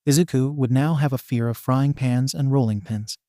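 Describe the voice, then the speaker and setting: A man's voice: medium pitch, moderate pace, mellow, dry recording, studio quality. A man narrating a fan story in a wry, playful scripted reading.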